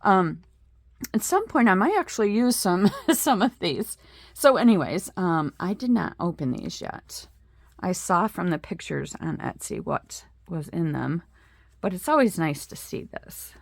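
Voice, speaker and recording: A woman's voice: on the low side, sing-song, unhurried, creaky, no echo. A middle-aged woman in a casual craft show-and-tell, chatting with lots of fillers and admiring asides. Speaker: craft vlogger.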